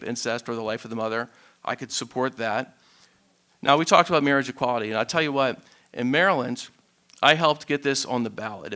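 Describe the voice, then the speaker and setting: A man answering as a congressional candidate in a debate forum, firm and deliberate. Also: mid-range voice, a bit bright, clean tone.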